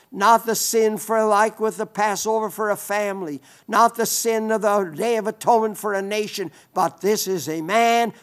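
A man preaching a sermon, reading scripture with emphasis and leading a quiet prayer. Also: high-pitched.

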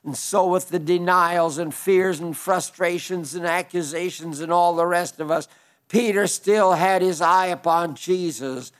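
A man's voice: high voice, steady tone, unhurried. A man preaching a sermon, earnest and building through repeated rhetorical questions.

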